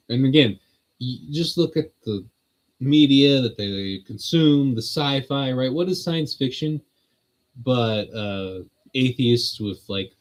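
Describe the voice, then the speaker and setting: At home on camera, a man hosts a Bible teaching channel, giving a casual religious lesson packed with joking, sardonic asides. His voice is mid-range, and the audio quality is poor.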